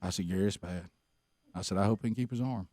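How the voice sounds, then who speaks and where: A man's voice: deep voice, quick pace, dark tone. A man hosting a radio show, telling a story with lots of laughter and repeated "I said". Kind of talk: morning radio banter and storytelling.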